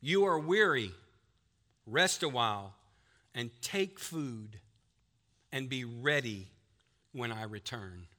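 A man reading aloud the gentle commands of a healing king. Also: medium pitch, animated, takes it slowly, long pauses, long reverb tail, voice pushed down.

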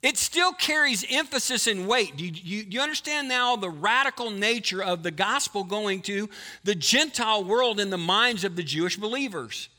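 Male pastor, sermon, high voice, very bright sharp tone, animated, questions the congregation. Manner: animated, quizzes the congregation, swings between fast and slow emphasis. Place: church before a live congregation.

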